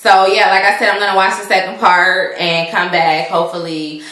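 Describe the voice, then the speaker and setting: A woman recaps a reality show in a chatty, indignant way, full of fillers and restarts. Her voice is bright and sharp, and her home recording has a clear echo around it. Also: on the low side, little pitch movement, moderate pace. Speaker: vlogger reviewing a reality show. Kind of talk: casual opinionated recap.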